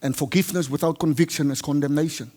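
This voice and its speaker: Casting: South African male preacher, a little high-voiced, storytelling sermon, big hall echo. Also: fairly even intonation, fast. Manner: switches between Afrikaans and English, acts out dialogue loudly. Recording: long hall reverb.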